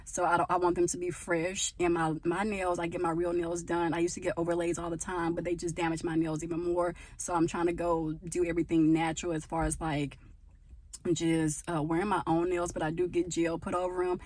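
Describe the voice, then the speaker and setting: Her pitch is fairly low and darkish, with little movement, and she speaks a little fast. The woman is vlogging casually about faith from her parents' home outdoors, rambling to viewers she calls y'all on a phone camera.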